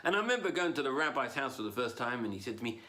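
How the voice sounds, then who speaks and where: A man performing a stand-up comedy routine online, jumping between loud punchlines and low asides. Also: very animated, rapid-fire.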